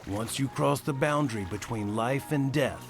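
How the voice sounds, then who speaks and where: A man voicing an elderly solemn ferryman in a game, speaking slowly and gravely over music. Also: mid-range voice, lightly acted.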